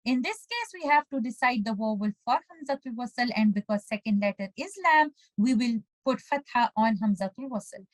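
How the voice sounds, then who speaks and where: High-voiced woman teaching recitation, dry sound. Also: expressive, no room sound, poor audio. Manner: patient and methodical, slowing down to demonstrate words syllable by syllable. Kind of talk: step-by-step tajweed lesson with recited examples.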